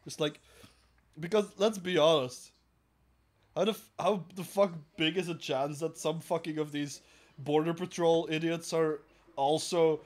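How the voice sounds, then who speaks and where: A man's voice: fairly high pitch, steady tone, unhurried. A man hosting a crude comedy podcast, swearing a lot, laughing often and mocking people in put-on voices. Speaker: podcast host.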